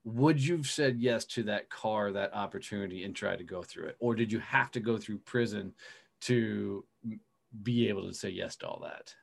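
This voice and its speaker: A man's voice: on the low side, moderate pace, gravelly. Profane, rambling podcast host, male. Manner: loose, swears freely, rambling with fillers. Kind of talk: casual interview chat.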